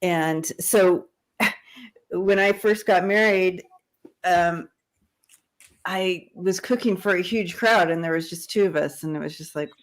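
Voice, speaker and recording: A woman's voice: lowish voice, slow pace, long pauses. A middle-aged woman hosting a casual livestream chat, talking in a rambling way with many restarts. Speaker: host.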